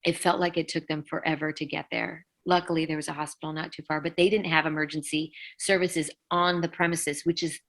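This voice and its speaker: A middle-aged woman with a low voice tells a painful story as an interview guest. Her tone is bright and forceful, and she acts out each quoted line with lots of "like"s as she goes. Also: little pitch movement, brisk, hardly any pauses, poor audio. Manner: vivid retelling, acting out quotes, many "like"s. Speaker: rock vocalist, interview guest.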